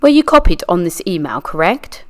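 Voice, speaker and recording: A woman's voice: lowish voice, big pitch swings, moderate pace. A woman reading a deposition aloud, voicing a lawyer who asks methodical, pressing questions. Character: persistent adult lawyer questioning a witness. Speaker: true crime channel reader. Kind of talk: read-aloud deposition reenactment.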